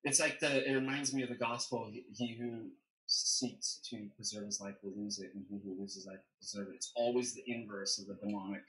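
Male theologian guest, bright tone, measured and explanatory, echoey room. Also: lowish voice, fairly even intonation. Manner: measured, explanatory, thinking aloud. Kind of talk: livestream theology discussion.

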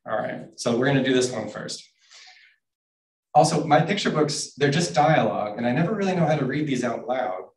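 A man's voice: medium pitch, expressive, brisk. Man from Canada at a bookstore reading. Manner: self-deprecating, chatty, with small restarts. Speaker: author reading his picture books. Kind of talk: casual public book reading. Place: bookstore event room. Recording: roomy, distant mic.

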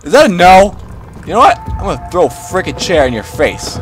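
A man doing gaming commentary in an excitable, goofy way, shouting and laughing at what happens on screen. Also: medium pitch, unhurried, faint music behind. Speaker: gamer, channel host.

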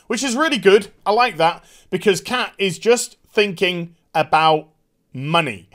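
A man giving a casual, animated and profane TV episode review. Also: high-pitched. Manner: animated, profane, quick impressions. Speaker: TV show reviewer.

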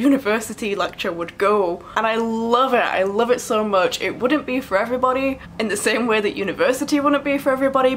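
A woman's voice: mid-range voice, a bit bright, a little hiss or hum. Enthusiastic woman reviewing a book. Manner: enthusiastic, gushing, laughs often. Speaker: book vlogger. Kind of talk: casual book review vlog.

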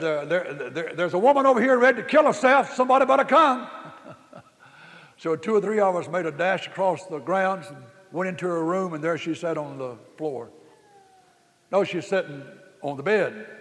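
Preaching man in a reverberant hall. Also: fairly high pitch. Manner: storytelling, rising to loud exclamation. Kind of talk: sermon. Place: camp meeting hall.

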